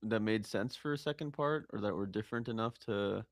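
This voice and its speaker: A man's voice: fairly low pitch, brisk, dry recording, studio quality. A man chatting casually over an online voice call as a composer asking for feedback, probing with questions and often restarting them. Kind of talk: casual chat.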